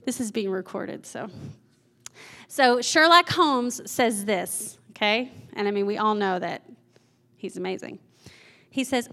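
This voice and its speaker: A woman's voice: mid-range voice, a little slow, pauses often, pushed and bright. A woman preaching a sermon in a conversational way, often laughing and asking the audience questions.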